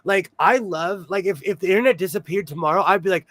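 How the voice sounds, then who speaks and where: A man hosting a casual sewing-circle chat, telling animated stories and laughing often. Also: high-pitched, fast talker. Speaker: host of a sewing show; single father.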